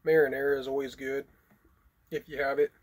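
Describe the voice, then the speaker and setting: A man's voice: medium pitch, little pitch movement, a little fast, husky. A man hosting an eating vlog, talking casually and unhurriedly between bites. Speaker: mukbang vlogger.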